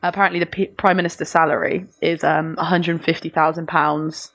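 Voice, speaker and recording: A woman chats as a podcast co-host with a notably low, deep-set voice. She talks haltingly, filling gaps with ums and laughing easily. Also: little pitch movement, a bit bright. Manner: hesitant, lots of ums, laughs often. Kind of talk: casual chat.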